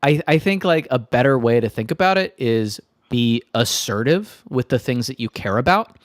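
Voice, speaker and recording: A man's voice: mid-range voice, lively intonation, normal speed, no room sound. A man co-hosts a casual podcast chat, musing aloud in a thoughtful, rambling way. He fills his sentences with "like" as he works his ideas out. The sound is dry and close. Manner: thoughtful, rambling, many "like" fillers. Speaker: podcast co-host.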